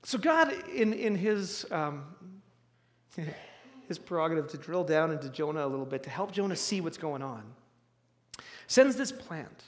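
High-voiced male preacher in a reverberant hall. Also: lively intonation, a little slow, long pauses. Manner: conversational, with restarts and bursts of emphasis. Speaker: pastor. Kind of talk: sermon.

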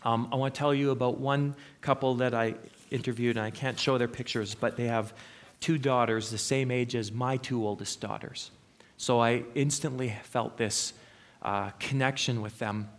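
Middle-aged guy preaching, earnest storyteller, lots of ums, normal pitch. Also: fairly even intonation, moderate pace. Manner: earnest storytelling, with frequent fillers. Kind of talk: sermon.

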